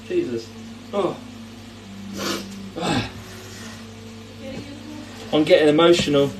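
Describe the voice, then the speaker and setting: A man's voice: mid-range voice, normal speed, long pauses, background noise. A man hosting a casual cooking livestream, chatting and rambling as he answers viewer comments. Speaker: cooking host. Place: kitchen.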